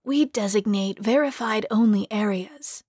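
Woman reading scheming older lady senator, hushed and confiding, dry close voice, audiobook. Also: medium pitch, unhurried, no echo, lightly acted. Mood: cool.

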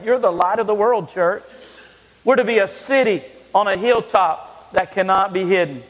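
A male pastor preaches with a high voice and an emphatic delivery, often stumbling and restarting his phrases. His voice rings through a church sanctuary with a long reverb trailing behind it. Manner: emphatic, with frequent stammered restarts. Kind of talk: sermon.

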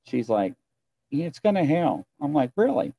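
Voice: mid-range voice, moderate pace, creaky. A co-host telling stories in casual chat and acting out what others said. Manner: animated storyteller, acts out quotes.

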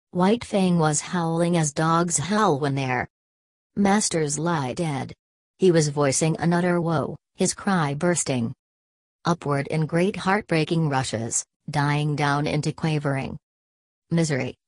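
A woman narrating a classic novel as an audiobook, in a measured, even storytelling delivery. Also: low voice, dry recording.

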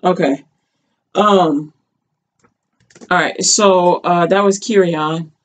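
A woman's voice: fairly low pitch, fairly even intonation, slow, slight background noise. A woman vlogger in casual storytelling commentary, chatty and rambling, with many fillers and restarts, colloquial and earnest.

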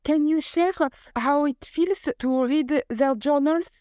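High-voiced woman interviewer. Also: slow, a little mellow, no echo, clean studio sound.

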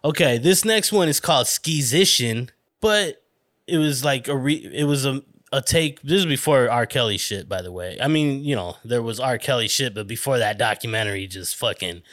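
A man's voice: mid-range voice, expressive, moderate pace, fairly bright tone, no echo, clean studio sound. A man hosting a podcast in casual chat, rambling and self-conscious, laughing and swearing. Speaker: podcast host.

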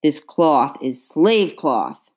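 A woman voicing a greedy, cruel male slave catcher who speaks in a slow rural drawl. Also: deep voice, big pitch swings, a little mellow, exaggerated voice. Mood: menacing.

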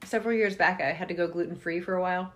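A woman's voice: fairly low pitch, fairly even intonation, rapid-fire, fairly bright tone. A woman from Nashville in her early forties, chatty and wry, telling a story in a casual conversation and laughing through it. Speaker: guest co-host.

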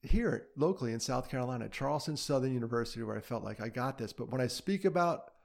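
A middle-aged man speaking candidly as a mental health advocate in a casual interview, self-deprecating and quick to laugh. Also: medium pitch, lively intonation, vocal fry, a little mellow.

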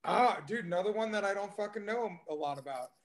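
A man with a high-pitched voice talks on a casual podcast. He is laid-back and profane, with frequent laughs. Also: expressive, fast talker. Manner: laid-back, swears a lot, laughs often. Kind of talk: casual chat.

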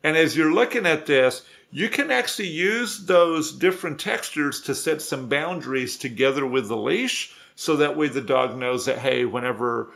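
A man's voice: a little high, normal speed, vocal fry, hardly any pauses. A man working as a dog trainer, giving casual, conversational tips with frequent restarts. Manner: relaxed, conversational, many restarts. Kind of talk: casual instructional talk.

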